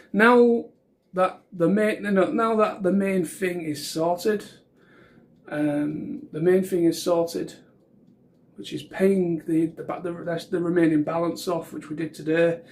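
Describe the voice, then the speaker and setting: A man's voice: high voice, darkish tone. A man chatting casually to camera in a vlog, rambling with lots of restarts and fillers. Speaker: vlogger.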